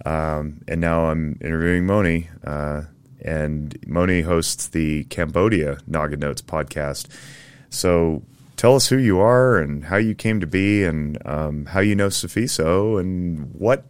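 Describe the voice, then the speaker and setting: Deep voiced guy hosting a podcast, rambly and chatty, lots of uhs. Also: a little slow, smooth. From Northern Nevada. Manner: rambling, self-correcting, with many fillers. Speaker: podcast host. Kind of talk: casual podcast chat.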